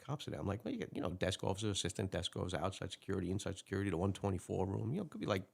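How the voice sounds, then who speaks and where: New host guy, ex-cop, lowish voice, rattles along quick with lots of uhs. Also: very animated, vocal fry. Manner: rapid storytelling with many fillers. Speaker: podcast host, former police officer. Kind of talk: casual interview chat.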